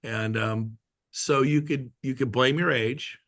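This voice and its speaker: On a video call with a real estate team, a middle-aged guest speaker chats slowly and steadily in a medium-pitched, fairly bright voice. He spins jokey stories, acting out what people said.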